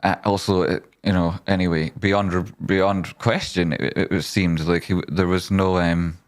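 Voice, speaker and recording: A man's voice: deep voice, level tone, normal speed. A man hosting a casual stock market livestream, rambling as he talks straight to his viewers.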